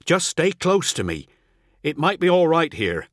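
A man's voice: a little high, very animated, a little slow, fairly bright tone, no echo, studio quality, voice pushed up. A man voicing a determined, protective traveller who gives firm, urgent commands.

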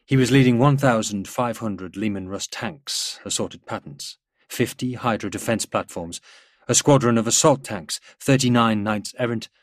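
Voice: man, low and husky. Style: audiobook narration. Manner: steady, measured. Mic: close, dry. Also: no echo. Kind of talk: audiobook narration of military fiction.

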